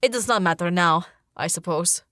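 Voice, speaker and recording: A woman's voice: fairly low pitch, normal speed, fairly bright tone, no echo, clean studio sound, natural voice. A woman reading an audiobook, voicing a loyal, protective male warrior companion who speaks formally and sternly. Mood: earnest.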